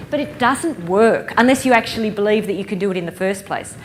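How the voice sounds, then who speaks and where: A woman giving a lively conference keynote, engaging the audience with stories and questions. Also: mid-range voice, quick pace, few pauses, a little hiss or hum. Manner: lively, playful storyteller who engages the audience. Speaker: keynote speaker. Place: conference hall stage.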